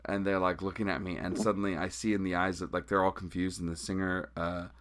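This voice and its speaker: A man with a fairly low voice tells a story as a podcast guest. He talks casually and acts out what each person said. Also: fast talker. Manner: animated, acts out quotes in the story.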